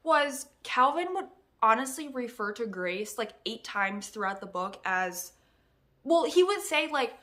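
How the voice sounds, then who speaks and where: A young woman talks straight to her viewers in a casual book review, animated and openly exasperated, breaking into laughter. Her voice sits a little high and rings bright and forceful. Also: a little slow.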